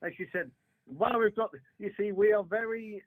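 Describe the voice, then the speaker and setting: A man from England talks casually as a podcast guest, stopping and restarting his sentences often. His voice sits high for a man. The sound is dry and close. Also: normal speed, no room sound, poor audio. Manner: hesitant, many restarts and fillers.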